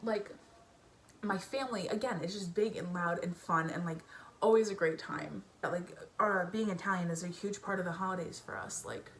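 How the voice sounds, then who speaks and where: With her family audible downstairs, a beauty vlogger chats in her bedroom while putting on makeup for a get-ready-with-me video. Her voice is on the low side and her pace moderate, and she talks in a giggly, self-conscious way with lots of fillers over a little hiss or hum.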